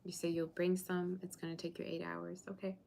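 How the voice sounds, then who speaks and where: A woman with a lowish voice gives a live tarot reading and chats casually with her viewers in between. She is reassuring and answers their comments as she goes. A faint hiss sits under her voice. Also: level tone, brisk, creaky, mellow. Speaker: tarot reader. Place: borrowed room, indoors.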